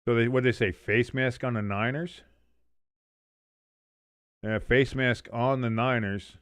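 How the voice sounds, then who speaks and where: A man hosts a live sports watch-along, giving casual, joking play-by-play, chatting with viewers and reading out chat messages while wired on coffee. His medium-pitched voice has fairly even intonation and an unhurried pace, with no echo.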